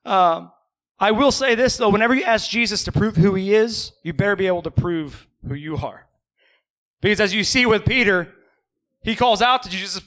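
A man preaching in a church, with a high, bright and forceful voice. He talks to his congregation in a loose, conversational way, asking them questions and dropping in playful asides between Bible passages. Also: moderate pace. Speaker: pastor. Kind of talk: sermon.

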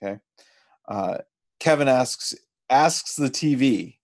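A man hosting a casual podcast, retelling a show's plot step by step with halting restarts. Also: mid-range voice, lively intonation. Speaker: podcast host. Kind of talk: casual episode recap chat.

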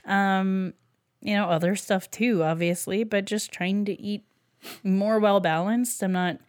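A woman co-hosting a podcast in casual chat, relaxed and rambling with fillers. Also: medium pitch, measured pace. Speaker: podcast co-host.

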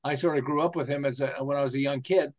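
A man's voice: mid-range voice, steady tone, fast. A man in his sixties from the United States, an interview guest telling stories with laughs and rhetorical questions. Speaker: interview guest, marketing specialist. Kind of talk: enthusiastic casual interview talk.

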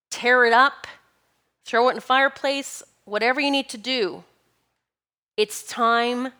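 A woman's voice: medium pitch, pushed and bright. A middle-aged woman giving an earnest, encouraging spiritual talk with emphatic, repeated phrases. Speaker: spiritual teacher.

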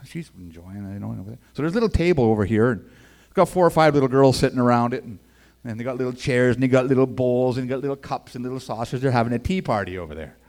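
A man's voice: medium pitch, rapid-fire. A man telling his life story as a personal faith testimony in a casual, folksy way, acting out the people in it. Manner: animated, acts out the other people's voices in his story; casual and folksy, with 'man' and 'boy, I tell you'. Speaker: speaker giving a personal testimony.

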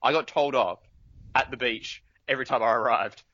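Man from new zealand, bright voice, dry muffled video call audio, laughing storyteller. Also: medium pitch, fairly even intonation, normal speed, no echo. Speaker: podcast guest. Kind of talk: casual video call chat.

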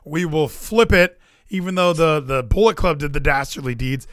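A man co-hosting a casual podcast chat, excitable and rambling, with frequent swearing and restarts. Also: fairly high pitch, normal speed, no echo, studio quality, soft background music. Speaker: podcast co-host.

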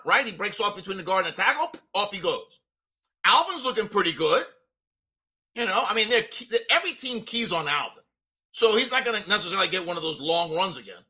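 A man's voice: sits high, big pitch swings, brisk, pushed and bright. A man giving a fired-up, blunt rant on a casual sports podcast, leaning on "you know" a lot. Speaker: co-host giving a weekly rant.

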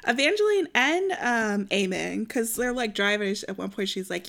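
A woman co-hosting a casual book chat, relaxed and quick to laugh, using plenty of fillers. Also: mid-range voice, gravelly. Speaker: book podcast co-host.

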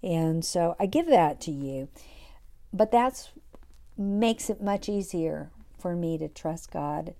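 A middle-aged woman hosting a devotional podcast, talking in a soft, reflective way and dropping to a whisper for scripture. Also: fairly low pitch, animated, takes it slowly, creaky. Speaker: podcast host.

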